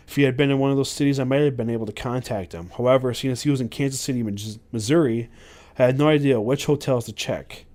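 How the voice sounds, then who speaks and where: A man's voice: mid-range voice, darkish tone. A man hosting a podcast, reading a memoir aloud with frequent stumbles and self-corrections. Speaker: podcast host.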